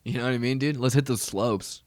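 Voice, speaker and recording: A man's voice: medium pitch, brisk, no room sound, studio quality, natural voice. A man putting on the voice of a laid-back young snowboarder bro, drawling with heavy slang. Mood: stoked.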